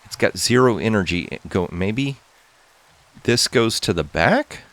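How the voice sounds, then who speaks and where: Male let's-play host, excitable and chatty, low voice that swings widely. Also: unhurried. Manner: excitable, talks to viewers while playing. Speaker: gaming channel host. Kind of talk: casual gameplay commentary.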